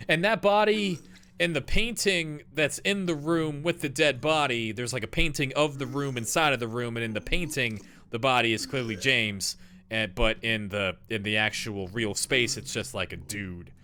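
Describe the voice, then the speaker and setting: A man's voice: medium pitch, moderate pace, bright, forceful tone. A young man streaming a game live, rambling through lore commentary with lots of fillers and jokey asides.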